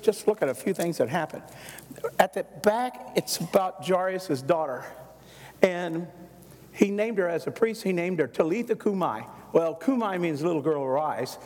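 A man's voice: high-pitched, big-room sound. An older man, a pastor, telling a folksy story in a sermon and acting out the people in it. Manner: folksy, animated storyteller who acts out voices.

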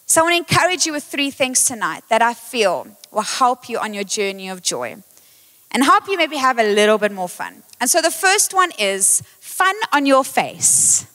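A woman preaching a lively live sermon in a church, excitable, playful and self-mocking, speaking on a handheld microphone. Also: a little high, normal speed. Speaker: worship leader preaching. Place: church auditorium, live service. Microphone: handheld mic. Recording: long reverb of a church hall.

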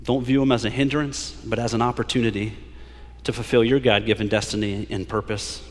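A man's voice: fairly low pitch, steady tone. Man preaching in a reverberant church. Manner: preaching with rising emphasis, drawn-out scripture quotes. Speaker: pastor. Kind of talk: sermon. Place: church sanctuary.

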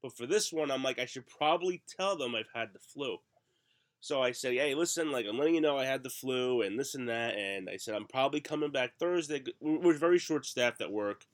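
A middle-aged man, his voice rough and hoarse from the flu, co-hosts a podcast and coughs occasionally as he meanders through stories poking fun at himself. The chat is casual, his pitch medium, and he talks fairly quickly with lively intonation.

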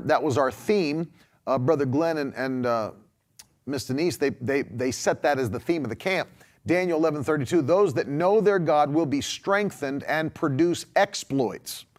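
A male preacher giving a livestreamed sermon, emphatic, drawing out key words and laughing between points. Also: a little high. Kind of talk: livestream sermon reading comments.

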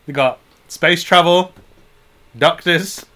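Bright-voiced joking man. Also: on the high side, takes it slowly. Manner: laughs often, playful, goes loud on jokes. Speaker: podcast co-host. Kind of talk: casual joking chat.

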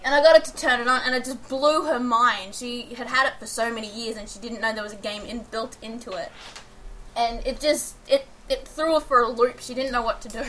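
A woman's voice: on the high side, fairly even intonation, brisk, fairly bright tone, slight background noise. A woman chatting casually about video games, giggly and rambling with many hesitations.

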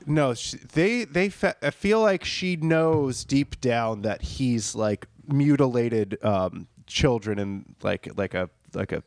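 A man telling a funny story about his job as a server in a profane, animated way, acting out the people in it. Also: medium pitch, slow pace, few pauses, no room sound, studio quality. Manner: profane, animated, acts out quotes. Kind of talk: casual comedic storytelling.

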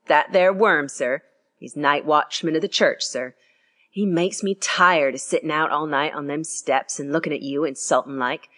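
A woman's voice: moderate pace, a bit bright. A woman reading aloud and voicing a young Cockney bellboy who peppers his speech with "sir". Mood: earnest. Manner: dropped grammar, constant "sir", higher pitch.

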